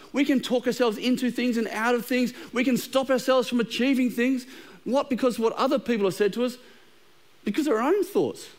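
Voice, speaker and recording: Casting: man, middle-aged, high voice, easygoing preacher who jokes and trips over words. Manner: conversational and humorous, with frequent repeated words. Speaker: pastor. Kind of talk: sermon. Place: church auditorium with a live congregation.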